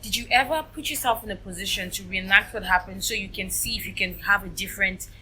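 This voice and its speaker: Woman talk show host, bright crisp tone, gentle short questions, faint background noise. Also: mid-range voice, fast, rough recording. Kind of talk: interview questions and short acknowledgments.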